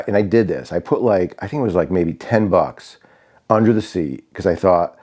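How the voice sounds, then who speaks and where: A man's voice: low-pitched, sing-song, a little fast, mellow, slightly rough. A man in his sixties from Connecticut, telling stories casually with many fillers and restarts. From Connecticut, USA. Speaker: vlogger. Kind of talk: casual storytelling.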